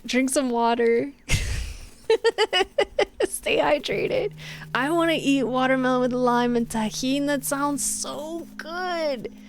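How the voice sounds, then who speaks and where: A young woman streaming live, chatting casually with her viewers in a bossy, laughing way and acting out what people say. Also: a little high. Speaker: Twitch streamer.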